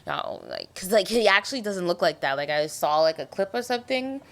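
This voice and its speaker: A young woman hosts a podcast in loose, slangy talk, getting emotional as she recaps. Her voice sits a bit low but swings widely up and down, very animated. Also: brisk. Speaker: podcast host. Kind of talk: casual TV episode recap.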